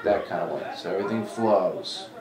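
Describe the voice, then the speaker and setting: A man's voice: deep voice, normal speed, crowd noise. A man in his forties, a comedy club talent coordinator, telling stories in a casual interview and acting out the voices of the people he quotes. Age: 40s. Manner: animated, acts out quoted dialogue. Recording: echoey room, mic at a distance.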